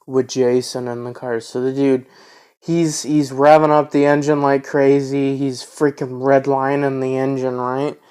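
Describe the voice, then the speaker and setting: A man's voice: mid-range voice, clean tone. A man in his twenties telling a story casually, rambling with lots of fillers and restarts. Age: 20s.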